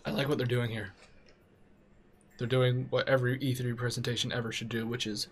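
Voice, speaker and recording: A man reacting casually to game trailers, profane, excitable and joking. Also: mid-range voice, fairly quick, pauses often. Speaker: gaming video reactor. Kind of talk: casual live reaction commentary.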